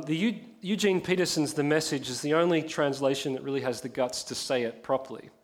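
A male preacher with a notably high voice delivers a sermon. He talks with passion, sinking to a hush and then building to emphatic force. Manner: impassioned, swings from hushed to emphatic.

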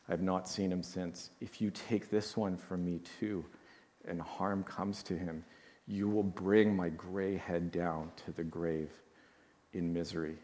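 A deep-voiced man delivering a sermon, reading scripture aloud in a soft, measured way and pausing to comment with emotion. His voice rings out with a long reverb, as if in a large hall. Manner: reads slowly and softly, then comments with emotion. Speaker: preacher.

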